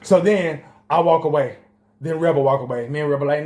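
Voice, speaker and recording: A man co-hosting a podcast, telling a funny story in casual chat, laughing and jumping up in pitch at the punchlines. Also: a little fast, roomy sound. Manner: animated, laughs and jumps high in pitch at punchlines. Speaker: podcast co-host.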